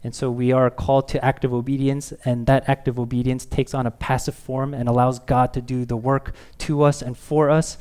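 A man's voice: mid-range voice, flat delivery, normal speed, few pauses, a little mellow, clear, resonant tone. A man in his thirties, a pastor preaching a sermon, talking candidly and self-deprecatingly, with playful acted quotes.

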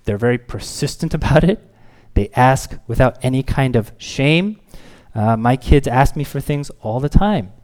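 Male pastor in his thirties, conversational sermon, animated storyteller who mimics children's pleading voices. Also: medium pitch, moderate pace.

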